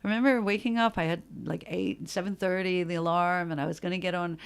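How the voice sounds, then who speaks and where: A woman's voice: fairly low pitch, fast, creaky, smooth. An American woman from New York in her sixties, a podcast guest telling stories in casual chat, laughing often and tripping over repeated words. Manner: lively storyteller, laughs often, repeats words when excited.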